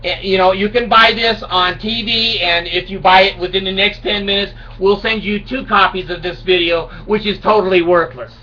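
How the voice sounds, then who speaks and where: In a dull, distant home recording with a faint hiss, a video blogger in his sixties tells a rambling, self-mocking comic story to camera. His voice is high-pitched and sharp, steady in tone, moving at a moderate pace with hardly any pauses.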